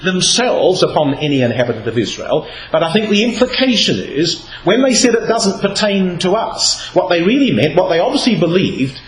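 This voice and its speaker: A man's voice: high-pitched, normal speed, few pauses. A man giving a Bible talk, reading scripture aloud and shifting his emphasis as he explains. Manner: expressive, reads scripture aloud with varied emphasis. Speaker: Bible speaker. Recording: echoey hall with faint noise.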